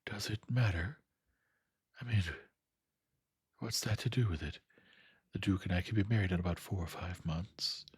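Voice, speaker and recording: A man voicing a vain, distracted young actress woman in a soft, breathy half-whisper. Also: low-pitched, normal speed, pauses often, no room sound, studio quality, voice pushed up. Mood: airy.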